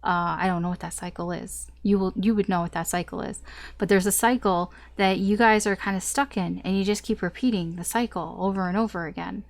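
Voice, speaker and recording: A woman's voice: mid-range voice, fairly even intonation, fairly quick. A woman reading tarot in a casual, unscripted way. She is candid and blunt and talks straight to the listener. She swears here and there as she lays out the cards. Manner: candid and blunt, swears, laughs between points. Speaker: tarot reader.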